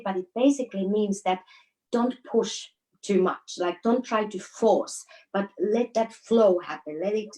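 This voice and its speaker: A Finnish woman with a mid-pitched voice, speaking English with a Finnish accent as an interview guest. She tells stories in a relaxed way, laughing often and pausing to search for words. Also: low-quality recording. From Finland. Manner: storytelling with frequent laughs and hesitations. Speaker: guest, dancer. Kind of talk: casual interview chat.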